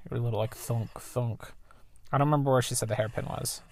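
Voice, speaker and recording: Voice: mid-range voice, steady tone, fast talker. A game streamer giving rambling, casual commentary while playing and reading the story aloud. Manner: chatty, rambling, self-correcting. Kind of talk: casual let's play commentary.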